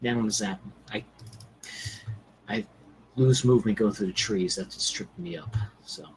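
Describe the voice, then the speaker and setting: A man's voice: on the low side, animated, normal speed, gravelly, a little hiss or hum, poor audio. A man playing a tabletop game, thinking aloud as he plans his moves. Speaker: player.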